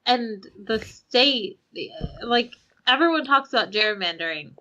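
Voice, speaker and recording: A woman's voice: a little high, animated, a little slow, sharp tone, lo-fi sound. A woman co-hosting a podcast in casual chat, dropping in brief, wry remarks. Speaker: podcast co-host.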